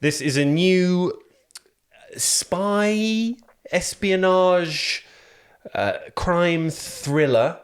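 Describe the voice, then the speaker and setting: A podcast host with a high-sitting voice chats casually, drawing out his words. He rambles along with lots of fillers and restarts.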